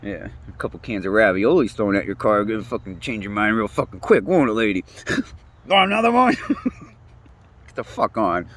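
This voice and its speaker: A man's voice: fairly low pitch, fairly quick, hardly any pauses. A man, ranting casually, rambling and swearing often. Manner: profane, rambling, animated, laughs often. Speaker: interviewee. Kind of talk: casual rant.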